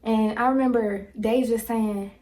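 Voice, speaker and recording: A woman in her twenties, a vlogger telling a casual story to a phone camera, slangy and animated, laughing as she talks. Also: fairly high pitch, unhurried. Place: indoors, home filming with ring light.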